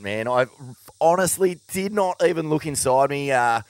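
A man's voice: fairly high pitch, lively intonation, moderate pace, dry recording. A young Australian man co-hosting a casual chat, swearing freely and laughing at himself. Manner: sweary, self-mocking, laughing. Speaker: co-host.

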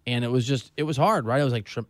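A man's voice: medium pitch, quick pace, no room sound. A middle-aged man hosting a sports talk show, chatting casually with sarcastic, self-mocking humor. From Southern California.

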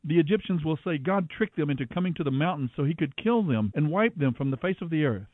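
A man's voice: a little high, lively intonation, fast, dry recording, natural voice. A man reading Moses' earnest, pleading words in a scripture reading, with a dry, phone-like sound.

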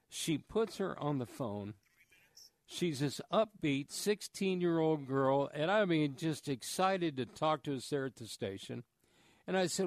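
A man's voice: on the high side, lively intonation, measured pace, no room sound, studio quality. A man telling a story and urging listeners to give, in an earnest, preacher-like manner on a radio fundraising show. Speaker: charity fundraiser guest on radio.

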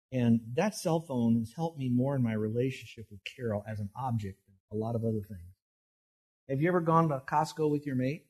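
A man's voice: medium pitch, mellow, breathy edge. A middle-aged male pastor preaching a folksy, anecdote-filled sermon, often restarting his words.

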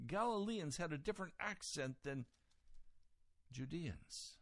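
A man preaching a sermon, retelling a scripture story and moving from quiet reading to loud, raised emphasis. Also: a little high, animated, measured pace, no room sound.

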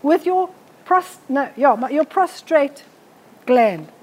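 A woman voicing an eager, clueless female health-shop saleswoman with an insistent sales pitch. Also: animated, takes it slowly. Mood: eager pushy.

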